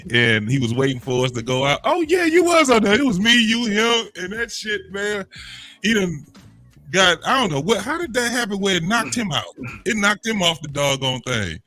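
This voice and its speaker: A man's voice: high voice, big pitch swings, moderate pace, pushed and bright, faint music behind. A man hosting a podcast panel, talking in loose, profane casual banter and laughing along. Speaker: podcast host.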